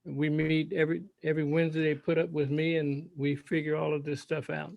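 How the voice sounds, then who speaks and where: Male forum host, gravelly, dull call audio; halting, spells things out. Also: on the high side, little pitch movement, darkish tone, no room sound. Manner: halting, spells out contact details slowly. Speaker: host of an online health forum. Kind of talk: closing remarks on a video call.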